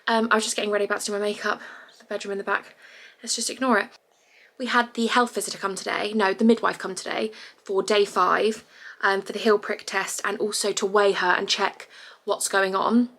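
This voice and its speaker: A woman's voice: mid-range voice, level tone, fairly quick, a bit bright. A young woman talking candidly and emotionally to a phone camera at home, rambling with restarts. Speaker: vlogger. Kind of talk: casual confessional vlog. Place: bedroom at home.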